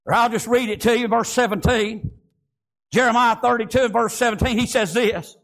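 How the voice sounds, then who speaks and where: A man preaching a fervent sermon, his voice pitched very high. A gravelly rasp runs through his words. He keeps throwing out "praise God" and calls for an amen. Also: fairly even intonation, fairly quick, a bit bright. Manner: fervent, repeats praise phrases and call-and-response "Amen?".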